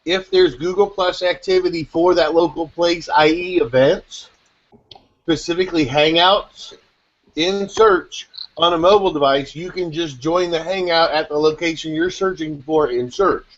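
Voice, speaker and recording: A man in a casual group video chat, explaining things in rapid, excitable rambles. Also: on the high side. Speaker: SEO chat panelist. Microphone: video call. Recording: dull lo-fi call audio.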